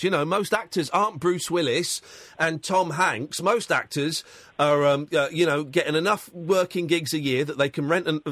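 High, lively, emphatic male radio host. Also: no echo. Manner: emphatic, repetitive, urging. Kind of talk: phone-in talk radio. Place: radio studio. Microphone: studio mic.

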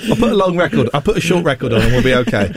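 A man's voice: a little high, very animated, husky, dry recording. A man hosting a radio show, joking and teasing his co-hosts in casual banter. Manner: playful, laughing, quick to tease.

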